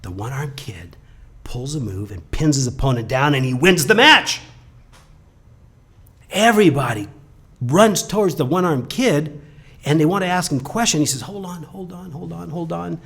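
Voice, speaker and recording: A webcast host tells a motivational story at normal speed, his slightly high voice carrying a breathy edge and long pauses. He swings animatedly from loud bursts to hushed lines.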